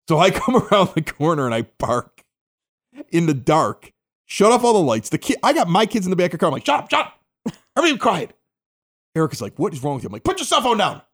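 A middle-aged podcast host from the Chicago area tells a story casually on his local show. He's animated, acting out the quotes with big pitch jumps.

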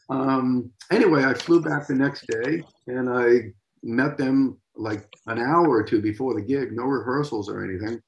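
A man in his sixties from Massachusetts, a drummer telling stories as an interview guest in an animated, lively way. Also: mid-range voice, moderate pace, gravelly, echoey room, low-quality recording. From Massachusetts, USA. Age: 60s. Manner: animated storyteller, vocalizes drum beats. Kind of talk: casual interview storytelling.

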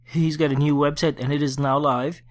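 A man's voice: fairly high pitch, flat delivery. A man hosting a solo gaming podcast, chatting casually and then reading a war story aloud in his own plain voice. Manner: conversational, quick restarts, reads report plainly without accents. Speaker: podcast host. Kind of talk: casual podcast talk and read-aloud session report.

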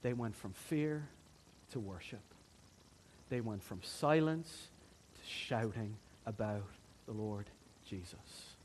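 A man preaching a sermon as pastor, earnest, swinging from soft, quiet passages to fervent, emphatic build-ups. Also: lowish voice, expressive, takes it slowly, slight background noise.

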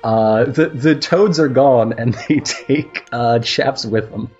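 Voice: mid-range voice, slow pace, darkish tone, dull audio, faint music behind. A game master running a tabletop role-playing game, checking rules in a matter-of-fact way.

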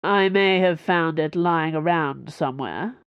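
A woman's voice: low-pitched, a little slow, clean tone, dry recording, highs cut off. A woman voicing a cocky wounded young male duelist who talks in a languid, teasing, theatrical way.

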